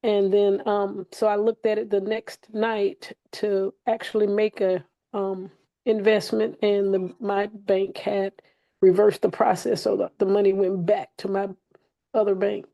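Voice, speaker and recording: Gravelly, mellow-toned woman student. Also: medium pitch, little pitch movement, rough recording. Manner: hesitant, halting. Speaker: student asking a question. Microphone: video call.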